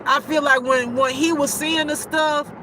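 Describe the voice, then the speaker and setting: A woman's voice: high voice, steady tone, a little slow, background noise. A woman giving a casual intuitive spiritual reading, emotional and repetitive, with frequent cursing.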